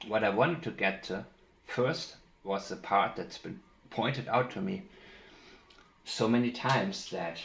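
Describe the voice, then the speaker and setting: Guy breaking down interview clips, low voice, slow and emphatic, roomy echo. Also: creaky, fairly bright tone. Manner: deliberate, emphatic, repeats key phrases. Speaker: commentator analyzing interview clips. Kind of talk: analytical commentary with played clips.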